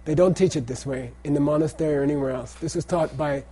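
Man, middle-aged, husky, a bit high, lecturing a class, repetitive check-ins. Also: fast, warm tone. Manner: repeats phrases and checks in with "okay?". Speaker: teacher of Tibetan language and Buddhist texts.

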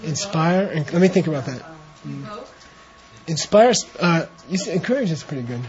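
A man leading a translation class, talking slowly and relaxed while he coaches pronunciation. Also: on the high side. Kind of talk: informal class talk with chanted reading. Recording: dull lo-fi classroom recording.

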